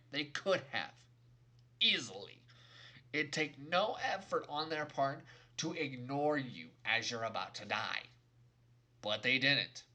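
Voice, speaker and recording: A man's voice: on the high side, pushed and bright. Exasperated young man ranting a review. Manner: exasperated, emphatic and sarcastic. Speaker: game reviewer. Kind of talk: ranting video game review.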